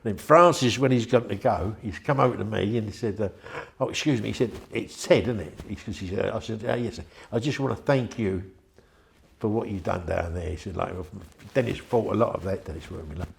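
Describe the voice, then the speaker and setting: An older man tells his story in a chatty, meandering way, slipping into the voices of the people he remembers. His voice sits fairly low and carries a gravelly rasp. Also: brisk. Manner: rambling, chatty, acts out quoted voices. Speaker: interviewee. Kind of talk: anecdotal storytelling.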